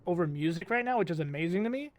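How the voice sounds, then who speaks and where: A man chatting casually on a podcast, excitable and slangy, laughing often. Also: sits high, very fast. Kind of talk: casual chat.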